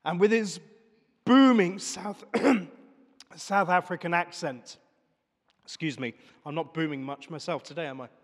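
A man's voice: on the high side, measured pace, long pauses, long reverb tail. A man preaching a sermon in church, talking in a conversational way and putting questions to the congregation. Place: church service.

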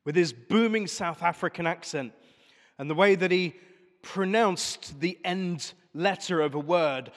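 A man's voice: sits high, measured pace, big-room sound. A man preaching a sermon in church, talking in a conversational way and putting questions to the congregation. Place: church service.

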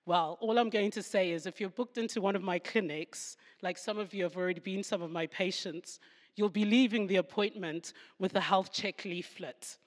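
A woman's voice: mid-range voice, moderate pace. A woman with a Southern African accent leads a devotional Bible talk. She explains the verses with humorous asides and laughs at herself now and then. Her mid-range voice rings with a long hall reverb. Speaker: Bible teacher.

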